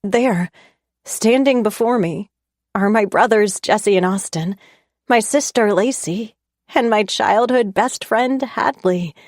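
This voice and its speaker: A woman's voice: medium pitch, slow, no room sound. A woman narrating a first-person romance audiobook in an intimate, conversational way on a close studio mic.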